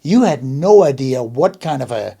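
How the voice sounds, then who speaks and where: Emphatic man with a mellow voice. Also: medium pitch, sing-song, normal speed, creaky. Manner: emphatic, repeats words as he restarts. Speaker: host. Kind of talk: casual interview chat.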